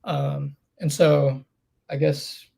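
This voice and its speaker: Gravelly man telling his story. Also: on the high side, level tone, very slow, warm tone. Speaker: interview guest. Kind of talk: candid storytelling in a podcast interview.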